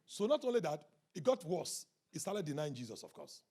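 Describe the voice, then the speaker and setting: A man preaching a sermon as pastor, with a raspy, gravelly voice. He swings from hushed talk to loud shouting and prays in tongues. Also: fairly high pitch, big pitch swings, brisk.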